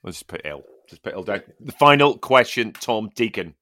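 Guy hosting a comedy podcast, deadpan teasing, dry close sound. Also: lowish voice, normal speed, no echo. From Northern Ireland. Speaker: podcast host. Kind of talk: comedy interview.

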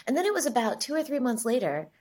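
A woman from the United States, a guest in an interview, telling stories in a lively way and acting out the dialogue. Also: high-pitched, fast. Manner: lively storyteller, acts out dialogue. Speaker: guest, agency chief executive. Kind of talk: interview storytelling.

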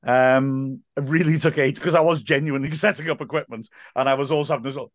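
Man, podcast guest, chatty storyteller, laughs a lot, mid-pitched voice, dry recording. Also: steady tone, fast, no room sound. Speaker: podcast guest, stadium announcer and school teacher. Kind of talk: casual podcast interview.

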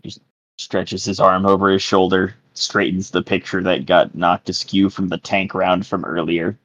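A man's voice: deep voice, level tone, moderate pace, a bit bright, dry recording. A man playing a tabletop game, casually describing what his character does. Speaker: player. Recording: dull lo-fi audio.

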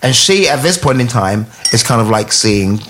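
A man's voice: mid-range voice, moderate pace, slight background noise. A man from England telling a long, rambling story in casual chat, swearing often and acting out other people's lines. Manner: rambling, swearing, restarts, quotes people in animated voices. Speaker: touring musician guest.

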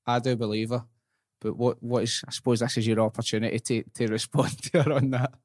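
A young Scottish man hosting a podcast, chatting casually and telling stories in a quick, animated way. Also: medium pitch. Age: young adult. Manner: lively, laughing, quick and animated storyteller. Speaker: podcast host. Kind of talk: casual chat, storytelling.

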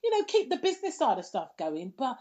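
A woman chatting casually as a podcast co-host, animated, sassy and outspoken. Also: sits high, fast, muffled recording. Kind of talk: casual chat.

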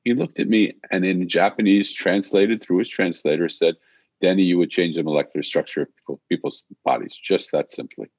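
Older man, low gravelly voice. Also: fairly quick, darkish tone, no echo, highs cut off. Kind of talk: personal storytelling talk.

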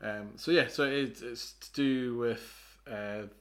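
A man's voice: mid-range voice, takes it slowly, a bit bright, a little hiss or hum. Hesitant man explaining casually. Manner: hesitant, filler-heavy explaining. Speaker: podcast co-host. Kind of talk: casual chat.

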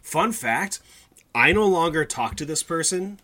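Bright-voiced man reading his old story aloud. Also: fairly high pitch, expressive, measured pace. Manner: laughs often, interrupts his own reading with asides. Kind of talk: casual chat with read-aloud fiction.

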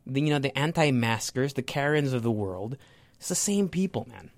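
A man's voice: mid-range voice, lively intonation, normal speed, no echo. A young man giving a heated, profane opinion rant to his viewers, often stumbling and repeating words. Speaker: vlogger. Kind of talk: casual opinion rant to camera.

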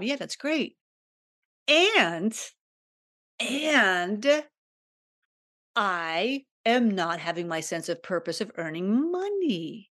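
A woman's voice: medium pitch, very animated, drawn-out words, long pauses, a bit bright. A woman hosting a personal podcast, speaking candidly and emotionally and often repeating herself as she confides in listeners. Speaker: podcast host.

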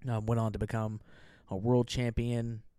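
A man's voice: medium pitch, normal speed, smooth, no echo, clean studio sound. A man in his thirties, a Marine veteran guest, telling stories in a casual interview and acting out the voices of people he quotes. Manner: animated storyteller, acts out quoted voices.

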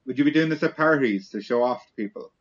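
A young man with an Irish accent, mid-pitched, spinning dry, deadpan little stories among friends. The recording is dull and lo-fi. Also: quick pace, slightly rough. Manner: dry, wry storytelling. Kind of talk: casual chat.

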